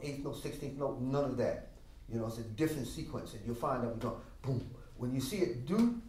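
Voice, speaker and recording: An older man teaching a music masterclass, animated and emphatic, singing out rhythms with drum sounds in a classroom. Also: mid-range voice. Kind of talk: masterclass lecture. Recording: roomy sound from a distant mic.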